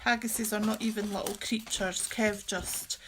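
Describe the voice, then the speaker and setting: A woman's voice: mid-range voice, fairly even intonation, measured pace, fairly bright tone, slight background noise. A woman hosting a casual crafting livestream from her craft room, chatty and gushing, often giggling.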